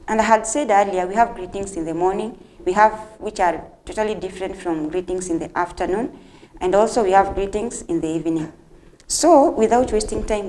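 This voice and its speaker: A woman's voice: fairly low pitch, dark tone. Woman teaching on TV. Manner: repeats phrases slowly for learners; friendly, addresses viewers directly. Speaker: host and French teacher. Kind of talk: televised language lesson.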